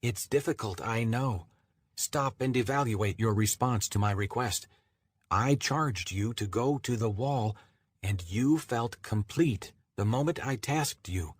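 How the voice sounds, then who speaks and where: Audiobook: a man doing an insistent disembodied male shard, voice pitched up and pushed louder, slightly husky. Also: unhurried, no room sound. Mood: commanding. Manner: insistent, urgent questioning. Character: disembodied male personality shard, urgent and commanding.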